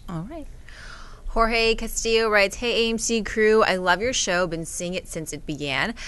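A woman's voice: medium pitch, moderate pace, fairly bright tone, slight background noise. A woman co-hosting a casual chat, reading viewer emails aloud and offering brief encouraging responses.

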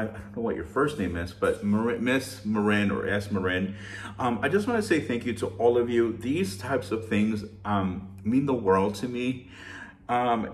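A man hosting a shopping channel, chatting casually and warmly thanking his viewers in an effusive, heartfelt way. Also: on the low side. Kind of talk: casual vlog chat to viewers.

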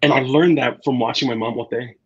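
A man with a slightly husky voice, talking as a guest chef in a casual interview. He tells his stories with energy, jumps into the voices of the people he quotes and fills pauses with "like" and "you know." The recording is a bit dull and lo-fi. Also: mid-range voice. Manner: animated storyteller, acts out quotes, many fillers. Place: Twin Cities area.

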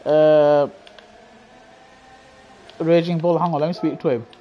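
A man's voice: fairly high pitch, little pitch movement, a little slow, highs cut off, a little hiss or hum. A young man, streaming live racing gameplay and teasing the players in his lobby, laughing often and full of slang. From England. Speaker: gaming streamer.

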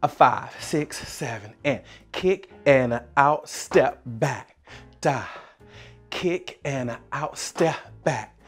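A husky, mid-pitched dance instructor from South Carolina, calling out counts and scatting the rhythm with lively energy. Faint music plays underneath. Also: takes it slowly. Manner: energetic, counts beats aloud and scats rhythms, laughs often.

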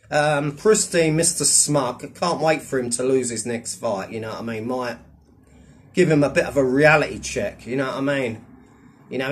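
A man, ranting and rambling in a vlog, swearing often and keeping a conversational, repetitive flow. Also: mid-range voice. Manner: profane, rambling, keeps asking "do you know what I mean". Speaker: vlogger. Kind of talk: ranting commentary.

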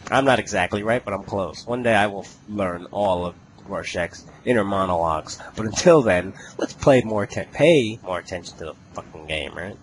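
A man's voice: fairly low pitch, lively intonation, moderate pace, hardly any pauses, slight background noise, poor audio. A man giving casual gaming commentary, joking, laughing and cursing often. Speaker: let's play host.

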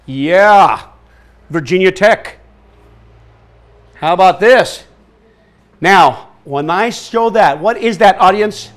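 A man presenting a farming workshop to a live audience, energetic and quizzing the listeners as he talks. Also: sits high, slow, pauses often. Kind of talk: lively workshop talk.

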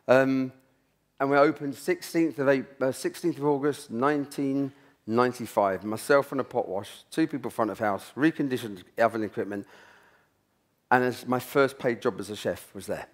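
A man's voice: medium pitch, moderate pace. A middle-aged man, telling a rambling story from his kitchen career at a symposium, often restarting his sentences. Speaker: chef giving a talk. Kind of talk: anecdotal talk at a symposium.

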